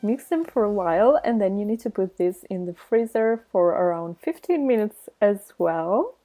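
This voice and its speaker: A woman's voice: mid-range voice, lively intonation, normal speed, mellow. Giggly Italian woman explaining slime. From Italy. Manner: chatty, giggly, explains step by step. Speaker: slime-making vlogger. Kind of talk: casual tutorial narration.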